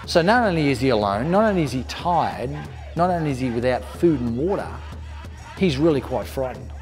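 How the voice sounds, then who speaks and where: A man's voice: medium pitch, lively intonation, brisk, a little mellow. Emphatic male storyteller. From Australia. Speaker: storyteller, speaker. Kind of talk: told parable for an educational talk. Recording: long hall reverb, faint music.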